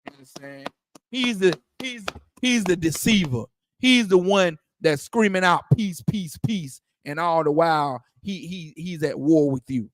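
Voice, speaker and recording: A man's voice: on the high side, expressive, unhurried, dry recording. A man leading a religious discussion, preaching in a casual way, often asking "you understand?" and restarting his words. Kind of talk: preaching-style casual talk.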